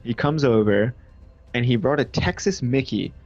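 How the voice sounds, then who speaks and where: Animated young man telling a story. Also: mid-range voice, moderate pace, muffled recording, faint music behind. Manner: animated storytelling, swears freely. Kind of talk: casual chat on a gaming stream.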